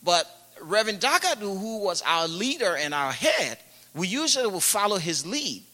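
A man's voice: high-pitched, very animated, normal speed, pushed and bright. A man from Africa preaching and telling stories, chatty, with many "you know"s and laughs. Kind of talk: sermon with personal storytelling. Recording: echoey hall with long reverb.

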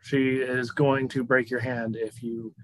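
A man running a tabletop game, describing the scene in a relaxed, offhand way. He speaks at a mid pitch, close and dry with no room sound. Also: unhurried, no echo, low-quality recording. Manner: casual, loose, with frequent "like". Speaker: game master.

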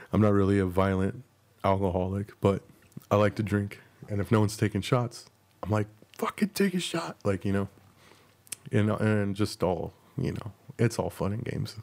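A man's voice: fairly low pitch, gravelly, a little mellow. A young man hosting a podcast, telling a rambling, profane story about himself in a casual, self-mocking way. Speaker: podcast host.

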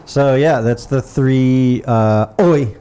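A man's voice: mid-range voice, takes it slowly, warm tone, smooth. A man co-hosting a podcast who rambles with enthusiasm about bands, full of "uh" and "like". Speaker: podcast co-host. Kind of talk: casual chat about music.

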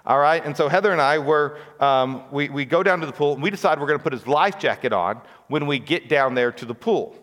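A man's voice: fairly high pitch, expressive, fairly quick, few pauses, fairly bright tone. Conversational male pastor in a reverberant hall. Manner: conversational, with frequent rhetorical questions and "right?" asides. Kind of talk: sermon. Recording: long reverb of a large hall.

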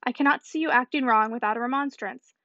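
A woman voicing a stern, reproving gentleman. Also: on the high side, quick pace, no echo. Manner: earnest reproach. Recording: slightly muffled dry recording.

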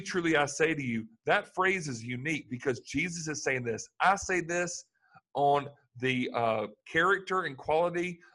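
A man preaching a sermon, reading Bible passages aloud and explaining them with animated emphasis. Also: on the high side, poor audio.

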